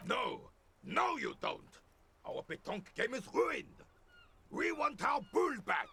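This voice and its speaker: An actor playing an irate old man who shouts indignant insults about his ruined game. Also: very high voice, huge pitch swings, slow, vocal fry, slightly rough, no room sound, exaggerated voice. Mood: furious.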